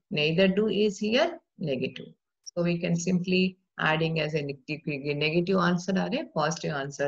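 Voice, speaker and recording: A woman teaching a grammar lecture, explaining patiently and reading example sentences aloud slowly. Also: fairly low pitch. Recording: dull lo-fi recording.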